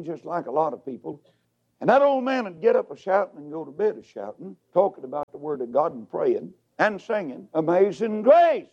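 Fiery preacher with wild pitch swings. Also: male voice, lo-fi sound. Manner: shouting, sing-song swoops between loud highs and hushed drops. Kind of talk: revival sermon.

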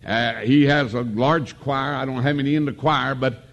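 A man's voice: medium pitch, steady tone, moderate pace, a bit bright, lo-fi sound. A middle-aged man preaching at a revival in a tabernacle, folksy and homespun, joking and calling for amens. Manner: folksy, homespun, with jokes and calls for amen. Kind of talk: sermon.

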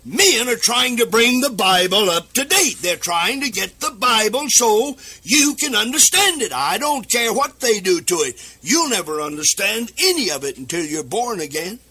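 A man delivers a radio sermon, high-pitched and piercingly bright. His husky voice swoops and climbs, breaking into sing-song cadences and shouted lines. He preaches straight into the microphone. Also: sing-song, moderate pace, hardly any pauses. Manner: fervent, rising to shouts and sing-song emphasis. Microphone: speaking into a microphone.

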